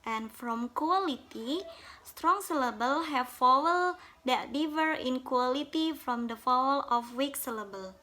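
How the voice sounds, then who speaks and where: A woman's voice: sits high, animated, bright, forceful tone. A woman giving a carefully read presentation on syllables, speaking in English that is not her first language. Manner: slow, careful, reads from notes, non-native English grammar. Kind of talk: reading a phonology presentation.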